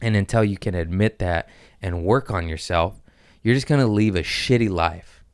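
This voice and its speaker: Rowdy low-voiced man ranting on a podcast. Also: moderate pace, smooth. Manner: loud, rambling, laughs at his own jokes. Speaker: podcast host. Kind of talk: casual profane podcast rant. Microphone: studio podcast mic.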